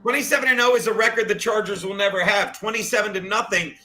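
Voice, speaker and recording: A man guest on a casual podcast, rambling and swearing, getting loud when worked up, calling in remotely from home. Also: high voice, fast, poor audio. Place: at home, says he is in the shower.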